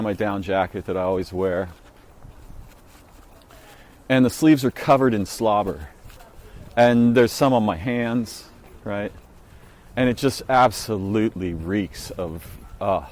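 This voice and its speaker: A man telling a reflective, meandering story on a walk-and-talk vlog, halting and restarting as he muses. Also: fairly low pitch, darkish tone. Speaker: vlogger. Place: outdoors, walking.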